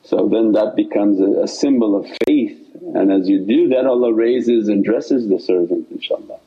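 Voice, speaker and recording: A man's voice: fairly low pitch, moderate pace, dark tone, breathy edge, muffled recording. A man teaching in an informal sermon, with meandering speech that repeats itself and loose phrasing. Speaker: religious teacher.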